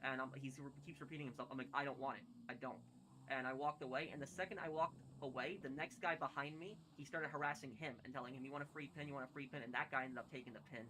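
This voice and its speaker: A man's voice: medium pitch, fairly even intonation, fast talker, noisy background. A man telling stories casually while playing a game, rambling with many fillers and restarts. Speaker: gaming streamer. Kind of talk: casual storytelling while gaming.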